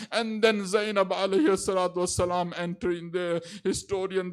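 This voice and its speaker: A man preaching a religious sermon, telling a story fervently with halting fillers. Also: sits high, clean tone.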